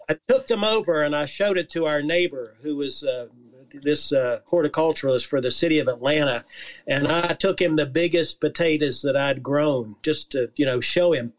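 A man with a slightly higher voice talks through gardening and bee stories at an easy pace. He tells his anecdotes calmly, like a seasoned grower. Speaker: beekeeper and gardening guest. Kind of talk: casual chat.

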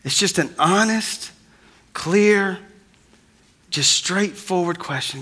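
A man preaching to his congregation in a high, bright voice. He keeps it conversational and speaks to the people straight on. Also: slow, long pauses. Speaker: pastor. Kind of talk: sermon.

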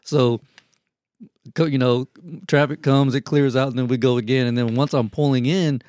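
A man's voice: medium pitch, steady tone, normal speed, a little mellow, no echo. A man telling a wild story in casual, profane podcast chat, acting out the quotes. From Houston, Texas.

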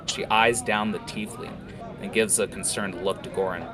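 A man narrating a fantasy tavern scene in a relaxed way, with fillers. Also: low voice, moderate pace. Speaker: storyteller.

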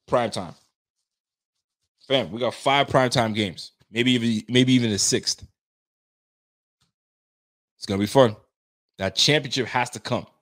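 Man, live-stream host, casual slangy fan talk, animated, swears a lot, mid-pitched voice. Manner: animated, slangy, swears freely, builds himself up into excitement. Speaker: live-stream host reading viewer comments.

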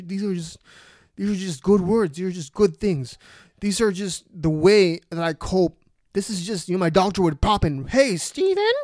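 A man hosting a solo podcast, talking in a rambling, energetic and profane way. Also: high-pitched, no echo. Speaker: podcast host. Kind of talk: casual solo podcast monologue.

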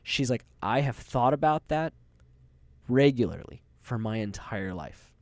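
A man's voice: mid-range voice, lively intonation, a little slow, darkish tone, no room sound. A young man co-hosting a podcast, telling stories in a rambling, casual way with easy swearing and laughter. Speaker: podcast co-host. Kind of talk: casual chat, storytelling.

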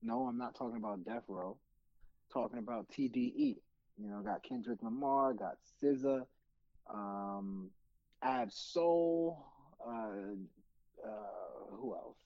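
Podcast cohost guy, gravelly voice, talks slow and bouncy, kinda dull lo-fi mic. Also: mid-range voice, big pitch swings, no room sound. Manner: playful, drawn-out teasing delivery. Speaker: podcast co-host. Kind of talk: casual chat.

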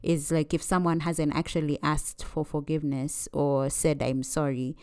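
A woman co-hosting a podcast who talks in a thoughtful, hesitant way, pausing with fillers as she reflects. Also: low voice, flat delivery, darkish tone, clear, resonant tone. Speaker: podcast co-host. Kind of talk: casual chat.

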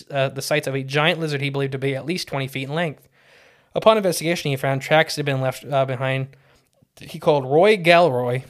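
A man co-hosting a podcast in casual chat, telling cryptid stories in a rambling, jokey way and correcting himself as he goes. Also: medium pitch. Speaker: podcast co-host.

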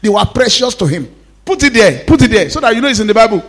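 A man's voice: high-pitched, sing-song, quick pace. A man, preaching a sermon to a congregation, repeating lines and calling for responses. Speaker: pastor.

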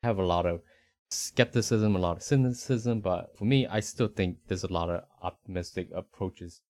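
A man with a faint Rhode Island accent talks in a casual, rambling way as a podcast co-host. His voice sits low and deep. The recording is dry and close, with no room sound. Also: normal speed, a little mellow, no room sound. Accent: slight Rhode Island. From Northeast United States. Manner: rambling, self-correcting, easygoing.

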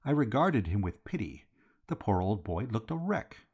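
A man's voice: on the low side, sing-song, moderate pace, a little mellow, breathy edge. A man narrating a classic comic novel as an audiobook. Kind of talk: scripted narration.

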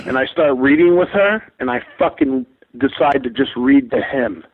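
A man's voice: medium pitch, brisk. Profane man telling stories over a phone line. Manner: animated and profane, acts out quoted dialogue. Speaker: comedian calling in as a guest. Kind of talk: casual anecdote telling.

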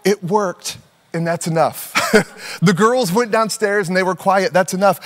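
High-voiced man preaching a lively sermon. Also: a little slow, big-room sound. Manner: conversational, animated storytelling with playful put-on voices. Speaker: pastor.

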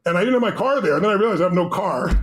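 A middle-aged man, a podcast guest, telling a personal story with intensity, moving between loud and hushed moments. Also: high voice, expressive, fast talker, background noise.

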